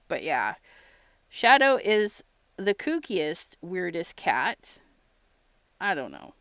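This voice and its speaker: With a lowish, sing-song voice, a woman hosts a casual crafting livestream, speaking slowly with long pauses in a smooth tone on a dry recording. She's a chatty storyteller who laughs a lot, acts out little quotes, and gives viewers shout-outs as she crafts.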